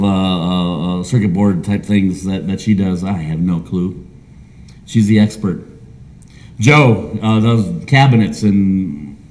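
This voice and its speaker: A man preaching a sermon as pastor of a small church, with a Midwestern American accent, who acts out imagined conversations. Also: on the low side. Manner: animated, acts out imagined dialogue.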